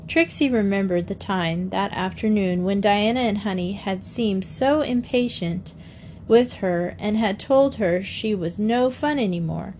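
A woman narrating a children's mystery audiobook in a measured, gentle storytelling voice. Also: medium pitch, a little hiss or hum.

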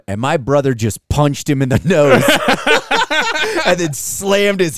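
A man's voice: mid-range voice, measured pace, no echo, clean studio sound. A man co-hosting a casual podcast, telling a family story with profanity and frequent laughter. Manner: animated, profane, laughs while telling stories. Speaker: podcast co-host.

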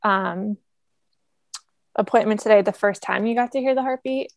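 A woman's voice: mid-range voice, normal speed, creaky, no room sound, clean studio sound. A woman co-hosting a podcast, chatting casually and supportively. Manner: supportive, relaxed, conversational. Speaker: podcast co-host. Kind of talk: casual chat.

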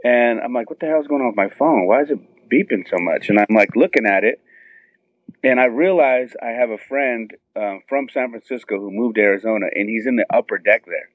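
A middle-aged man tells a story with rising excitement and acts out every quoted line himself. His voice comes through a thin, tinny phone connection, dry with no room sound, and sits at a middling pitch. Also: brisk, no echo. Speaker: guest telling a story. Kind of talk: animated storytelling on a phone call.

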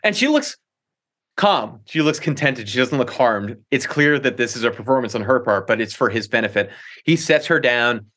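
A man's voice: mid-range voice, expressive, moderate pace, a bit bright. Analytical man discussing a film. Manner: analytical, hesitant with frequent restarts. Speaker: podcast co-host.

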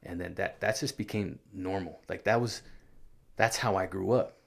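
A man with a very low, gravelly voice shares his life story as a guest in an interview. He speaks earnestly and haltingly, with frequent restarts and fillers. He grew up in California.

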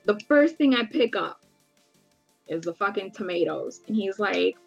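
A woman in her thirties telling a story in casual chat, animated, swearing freely and acting out the dialogue. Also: medium pitch, measured pace, vocal fry, husky, lo-fi sound, faint music behind. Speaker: podcast co-host.

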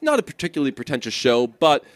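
A man's voice: medium pitch, wildly swooping pitch, quick pace, no room sound. Rambling, easygoing man chatting. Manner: rambling with frequent restarts and casual swearing. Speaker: podcast co-host. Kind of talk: casual chat.

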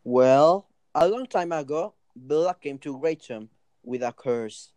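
A male narrator reading a scripted story in a plain, steady way. His voice is mellow and soft-edged. The recording is dry and close. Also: a little high, a little slow, dry recording, poor audio. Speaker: narrator and co-host.

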